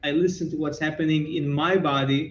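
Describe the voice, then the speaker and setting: A man, a martial arts teacher, explaining ideas and telling stories quickly as a podcast guest over a remote call. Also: on the high side, fairly even intonation. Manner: quick, explanatory, storytelling with asides. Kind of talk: podcast interview. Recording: echoey, dull lo-fi sound.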